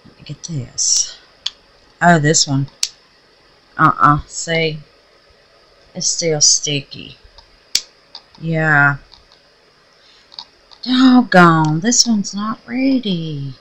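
A woman chatting casually to her viewers while she crafts, folksy and excitable, calling them babies and darlings. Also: low voice, very slow, long pauses, rough recording. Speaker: resin craft vlogger.

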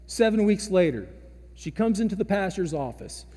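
A man preaching a sermon as pastor, slow and dramatic, with big swings in loudness. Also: sits high, lively intonation. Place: large church sanctuary. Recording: long reverb of a church hall.

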